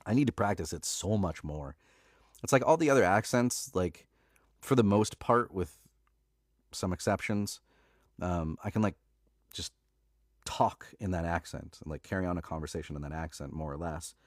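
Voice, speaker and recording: Casual male host with a low voice and a dry, close sound. Relaxed, rambling, filler-heavy live-stream chat. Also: moderate pace, long pauses, no room sound. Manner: laid-back and chatty, many fillers and laughs, says "dude".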